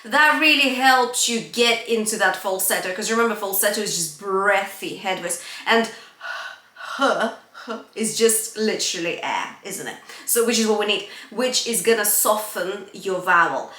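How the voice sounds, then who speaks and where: A woman singer and vocal coach teaching a singing lesson in an upbeat way, switching into light breathy sung examples. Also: mid-range voice, moderate pace, pushed and bright. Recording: echoey room.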